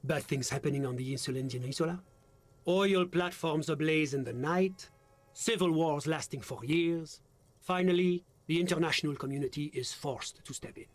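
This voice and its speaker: A man playing a smug, evasive gentleman on a balcony. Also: fairly high pitch, moderate pace, natural voice. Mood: lecturing. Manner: pompous, evasive, flowery.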